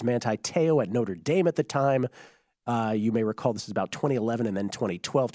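A man co-hosting a casual sports chat, voice hoarse and giving out, talking in a conversational way and explaining background. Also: medium pitch, darkish tone, no echo, studio quality. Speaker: podcast co-host.

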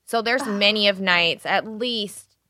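A woman co-host telling animated, profanity-laced stories in a casual chat. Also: medium pitch, slow pace, no room sound, studio quality.

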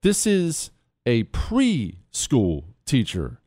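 A man hosting a talk radio show, combative and emphatic, jumping between loud outbursts and low muttered asides. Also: huge pitch swings, extremely slow, slightly rough, dry recording, clean studio sound. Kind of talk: opinionated talk radio monologue.

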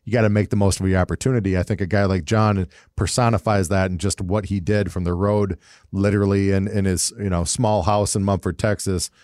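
A man co-hosting a sports podcast, speaking in an earnest, measured way. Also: low-pitched, steady tone, darkish tone, no echo, clean studio sound. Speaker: podcast producer and co-host. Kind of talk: casual interview chat.

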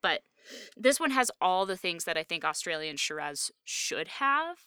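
A woman's voice: on the low side, very animated, unhurried, bright, forceful tone, smooth, dry recording, clean studio sound. A woman co-hosting a podcast in casual chat, talking knowledgeably with plenty of "um" and "like". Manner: chatty, frequent "um" and "like", knowledgeable about wine. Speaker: podcast co-host discussing wine and film.

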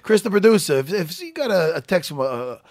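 Animated, profane New man. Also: high voice, fairly quick, no room sound, studio quality. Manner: loud, profane, jokey, animated. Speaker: radio show co-host. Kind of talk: casual radio banter.

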